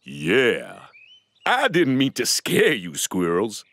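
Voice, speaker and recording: A man voicing a bashful, polite male hedgehog in a children's cartoon, speaking slowly and apologetically. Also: medium pitch, huge pitch swings, a bit bright, dry recording, full character voice. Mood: apologetic.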